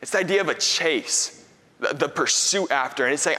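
Young male preacher, fairly high voice, storytelling sermon, long hall reverb. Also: a little fast. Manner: lively storytelling with repeated phrases. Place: church hall.

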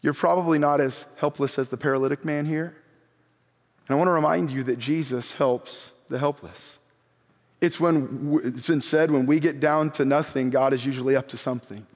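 A man preaching an animated sermon as pastor, reading scripture aloud and acting out the people in it. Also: on the high side, normal speed. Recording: long hall reverb.

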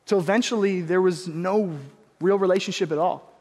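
Young male pastor, earnest and animated, with a light, high voice and a long hall echo. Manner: earnest, animated storytelling with quick asides. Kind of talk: sermon with personal story.

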